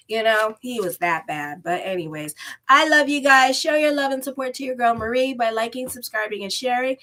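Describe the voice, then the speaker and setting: A middle-aged woman astrologer chatting through her weekly tarot horoscope. Her voice sits a little high, and she rambles candidly, laughing often and drifting into lively personal asides. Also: fairly quick. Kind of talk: casual chatty horoscope vlog.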